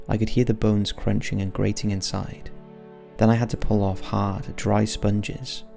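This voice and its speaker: Narrator, male: low, flat, gravelly voice with a dark tone, reading letters gravely and slowly over soft music. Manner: slow, grave, measured delivery. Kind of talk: solemn scripted narration.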